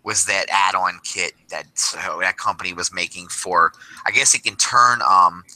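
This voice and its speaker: Man, casual podcast chat, emphatic, joking, very bright tone. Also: low voice, moderate pace, low-quality recording. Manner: animated, emphatic, joking, stammering restarts. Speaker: podcast co-host. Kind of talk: casual chat among toy collectors.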